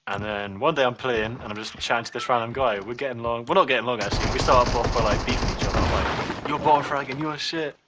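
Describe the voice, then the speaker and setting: A young man in his twenties tells a long, meandering story over a late-night party chat, stacking up fillers and swearing as he talks. His voice sits in an ordinary middle pitch. It comes through a headset mic with clear background noise running underneath. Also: fairly even intonation, fast talker, few pauses. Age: 20s. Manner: rambling storytelling full of "like" and swearing. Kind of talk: casual chat. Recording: noisy background ambience.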